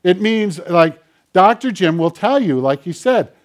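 A man preaching a sermon in an easy, conversational way, slipping into little acted-out exchanges. His voice sits a bit higher than most men's. He talks like a pastor walking a congregation through a passage. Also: lively intonation, measured pace. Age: older. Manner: conversational preaching, acting out quoted dialogue.

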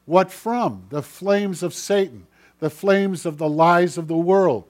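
Man preaching with dramatic loud-soft swings. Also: slow pace. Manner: dramatic, swinging from loud declaiming to hushed low passages. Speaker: pastor. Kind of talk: sermon.

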